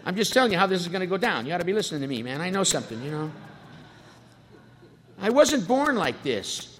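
A man's voice: sits high, sing-song, quick pace, fairly bright tone. Wisecracking man telling his story. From San Fernando Valley, California. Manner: wisecracking, acts out quoted voices. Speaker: speaker at a recovery meeting. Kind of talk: humorous personal storytelling. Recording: reverberant hall, faint background noise.

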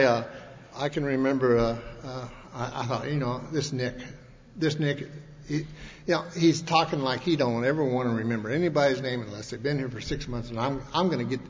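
A man at a recovery meeting, telling his own story in a folksy, rambling way with many restarts. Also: mid-range voice. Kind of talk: personal storytelling talk. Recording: echoey hall, dull lo-fi sound, faint hiss.

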